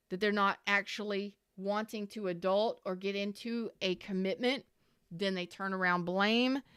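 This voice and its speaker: A woman's voice: mid-range voice, fairly bright tone, smooth, no echo, clean studio sound. A woman giving a casual tarot reading to viewers, dramatic and profane, calling them y'all. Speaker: tarot reader.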